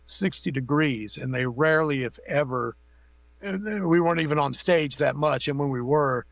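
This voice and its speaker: This middle-aged makeup effects artist joins a remote call as a guest, spinning rambling, profane anecdotes packed with fillers in a casual interview. His voice is fairly high and gravelly, at normal speed, in a dry recording.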